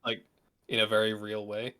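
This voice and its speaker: A man's voice: lowish voice, completely flat delivery, moderate pace, pushed and bright. A man co-hosting a casual chat, giving thoughtful analysis of a show's characters. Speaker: co-host.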